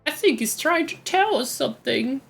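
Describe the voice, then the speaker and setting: A man's voice: extremely high pitch, animated, moderate pace, creaky, a bit bright, soft background music, voice pushed up, exaggerated voice. A man reading a young woman's game lines in a raised, light voice. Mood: curious.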